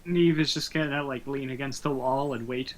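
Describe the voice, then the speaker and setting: A man's voice: mid-range voice, steady tone, moderate pace, a crowd in the background, low-quality recording. A man playing a tabletop game who laughs easily and jokes in and out of character. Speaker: player.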